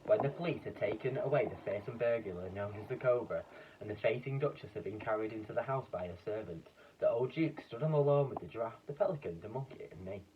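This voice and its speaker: A man reading a children's story aloud in a lively way, putting on voices for the characters. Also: on the low side, fast talker, distant mic, a little hiss or hum. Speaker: storybook reader. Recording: dull lo-fi sound from off the mic, faint ambience.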